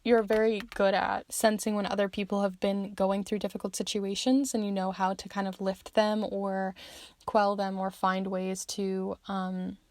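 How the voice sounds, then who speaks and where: A woman's voice: mid-range voice, little pitch movement, normal speed, darkish tone, no room sound. A young woman giving a chatty tarot reading, full of fillers, who says she is losing her voice. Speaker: tarot reader.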